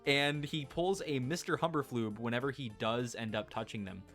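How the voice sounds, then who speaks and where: A man's voice: mid-range voice, normal speed, fairly bright tone, faint music behind. A man narrating a casual video essay in a chatty, wry way, full of "like" fillers, recorded on a home voice-over mic.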